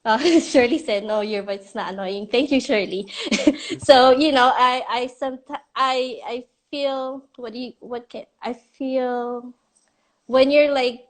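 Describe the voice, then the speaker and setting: A chatty middle-aged woman talks about her children's ministry on a casual live stream. Her voice sits a little high, and she laughs at herself as she rambles through fillers and restarts. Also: unhurried. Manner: chatty and self-deprecating, many fillers and restarts. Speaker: children's ministry leader, guest.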